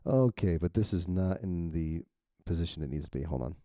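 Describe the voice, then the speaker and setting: A man with a very low, gravelly voice rambles casually as he talks through edits, swearing freely and chuckling at his own remarks. His tone is dark and mellow, recorded close and dry. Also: fairly quick, no echo. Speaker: novelist. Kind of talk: thinking-aloud editing walkthrough.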